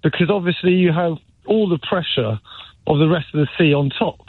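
A man's voice: a little high, fairly quick, husky, no room sound. A man calling in to a radio show to ask a question, eager and hesitant, with lots of fillers. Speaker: caller. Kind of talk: phone-in question. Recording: tinny phone line.

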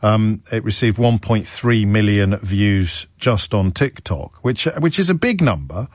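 A man's voice: lowish voice, expressive, measured pace, no room sound, clean studio sound. A man hosting a talk radio show, musing aloud in a wry, self-questioning way. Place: radio studio. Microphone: studio microphone.

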